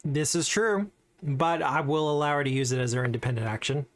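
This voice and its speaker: A game master running a tabletop session, relaxed and joking while making rulings. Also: medium pitch, fairly quick.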